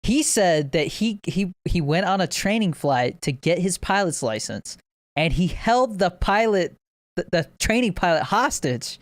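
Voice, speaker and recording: A man's voice: sits high, sing-song, measured pace, no echo. A young man co-hosting a podcast, rambling through game stories in casual chat and laughing at them. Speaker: podcast co-host.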